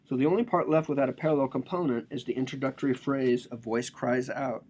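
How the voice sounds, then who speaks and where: A man's voice: mid-range voice, fairly even intonation, fast, darkish tone. A man giving a casual, joking lecture on a religious text, explaining it with slang and asides.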